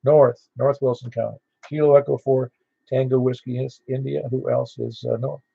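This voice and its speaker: A man with a gravelly, husky voice leads a ham radio net in a relaxed, meandering way. His voice comes through as dull, dry, lo-fi radio audio. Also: medium pitch, moderate pace, no echo. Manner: easygoing, rambling, with fillers. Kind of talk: casual radio chat. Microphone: radio transceiver mic.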